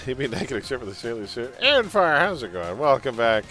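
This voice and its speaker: A man's voice: medium pitch, very animated, moderate pace, pauses often, fairly bright tone, faint music behind. A man hosting a live game stream, chatting casually with viewers and teammates, joking and laughing often.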